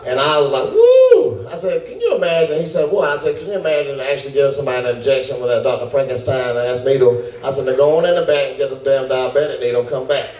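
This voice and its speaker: A man doing stand-up comedy, telling a fast, animated story and acting out his own panic. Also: mid-range voice. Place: comedy club with laughing audience. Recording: roomy, distant club recording with noise.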